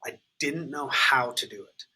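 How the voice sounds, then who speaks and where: A man's voice: medium pitch, normal speed, pushed and bright, slightly rough, low-quality recording. A man, candidly telling his recovery story in an interview, swearing freely and filling with "like" and "um". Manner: raw, unfiltered, swears freely, many fillers like "like" and "um".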